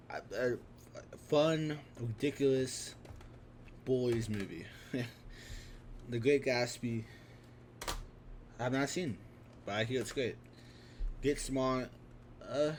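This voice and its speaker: A man's voice: medium pitch, a little mellow, a little hiss or hum. A man in his twenties talking casually and offhandedly through his film collection, with frequent restarts and fillers. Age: 20s. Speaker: vlogger.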